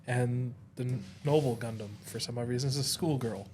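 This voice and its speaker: A man's voice: medium pitch, steady tone, fairly quick, a little mellow. A man with a mid-range voice co-hosts a casual podcast chat. He talks in a dry, matter-of-fact way and drops teasing asides, with faint noise underneath. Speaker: podcast co-host.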